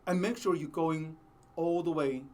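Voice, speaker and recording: A man teaching a cello lesson, explaining slowly and patiently with many pauses, sometimes singing the phrases he means. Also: a little high. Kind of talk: music lesson with sung demonstrations.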